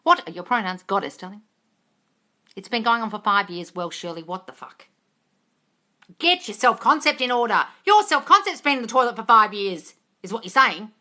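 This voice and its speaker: A woman answering viewers' questions on a live stream, blunt and sweary, scolding her viewers and swinging from low mutters to loud yelling. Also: big pitch swings, moderate pace. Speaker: manifesting coach answering live chat questions. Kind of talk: blunt livestream Q&A.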